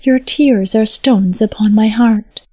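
A kind, regal fox spirit from a fantasy tale, voiced by a woman reader. She speaks softly and graciously, with a middle pitch. The recording is dry and close. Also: expressive, a little slow, dry recording, close to an everyday voice. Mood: gentle. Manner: soft, gentle and regal. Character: gracious nine-tailed fox spirit, female.

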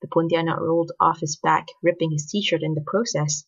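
A woman reads a story aloud with expressive narration. Her voice is low and husky. The recording is dull and lo-fi. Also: brisk.

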